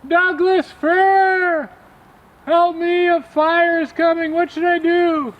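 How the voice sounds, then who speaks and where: A man's voice: very high-pitched, level tone, slow, dull audio, voice pushed up. A man voicing a small frightened male mouse, crying out in breathless pleas for help in a told folk tale. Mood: pleading, urgent. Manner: breathless pleading cries.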